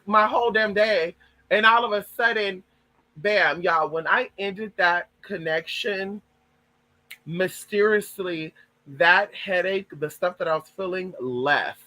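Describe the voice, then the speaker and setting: Bright high-voiced man talking spirituality. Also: no room sound, low-quality recording. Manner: emphatic, repetitive, talks straight to viewers with frequent "right?" and "y'all". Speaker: spiritual vlogger. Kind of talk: casual spiritual talk to camera.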